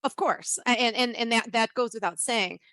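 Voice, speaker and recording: A woman's voice: fairly high pitch, normal speed, bright, forceful tone, no echo. A woman cohosting a podcast, giving casual advice in a rambling way with lots of restarts and fillers. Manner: rambling, many restarts and "you know"s.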